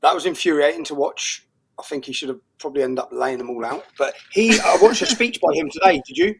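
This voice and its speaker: A man's voice: a little high, a little fast, vocal fry, heavy background noise. A middle-aged British man speaking in a heated interview, indignant and emphatic, often repeating himself. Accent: British English. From England. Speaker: guest.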